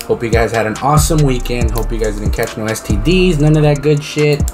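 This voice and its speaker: A man co-hosting a casual podcast, telling stories in a profane, animated way. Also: medium pitch, fairly quick, music in the background. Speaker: podcast co-host.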